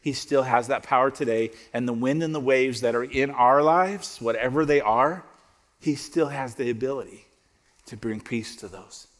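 A man preaching a sermon as pastor, conversational and joking, dropping to soft prayerful tones. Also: medium pitch, moderate pace, in a large hall. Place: church auditorium.

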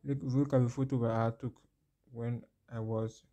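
A man's voice: medium pitch, level tone, moderate pace, dark tone. A man hosting a phone tech tutorial, walking the viewer through steps, repeating phrases and exclaiming over the results. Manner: addresses viewer directly with questions. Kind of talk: screen-recorded how-to walkthrough.

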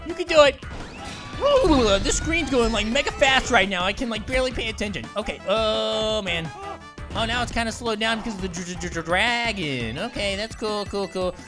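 A man voicing a hyper, wisecracking talking orange who hosts a gaming channel, giving excitable, silly gameplay commentary and repeating words in bursts. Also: high voice, moderate pace. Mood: excited. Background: game music.

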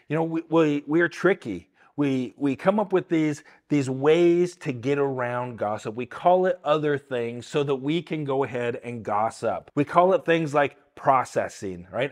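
Earnest older man, higher voice. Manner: earnest, repeats words, keeps asking "right?". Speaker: Christian teacher. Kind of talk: casual Bible teaching talk.

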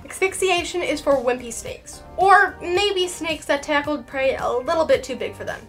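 A young woman hosting an educational video, explaining things in a lively, playful and sarcastic way with dramatic emphasis. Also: sits high, moderate pace, faint music behind. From Canada. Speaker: reptile educator and channel host.

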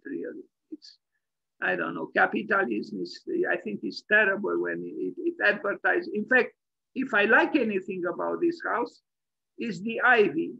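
A man with a high, gravelly voice gives an online lecture in a rambling, opinionated way, full of "you know" and restarts. His tone is bright and edgy. The sound is dry and dull, like lo-fi web audio. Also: no echo. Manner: rambling and opinionated, many fillers. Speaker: architect lecturer and host.

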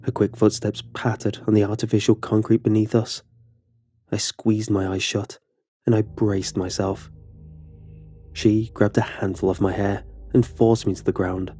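Man, horror story narrator, mellow dark tone, faint music underneath. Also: on the low side, flat delivery, a little slow.

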